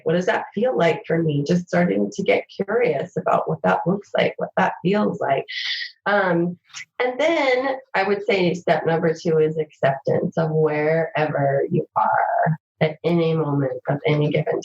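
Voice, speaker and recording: Woman guest, intimacy coach, reflective, step-by-step, roomy echo, muffled lo-fi sound. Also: fairly low pitch. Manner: reflective, explains in steps, asks herself questions aloud. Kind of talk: conversational interview.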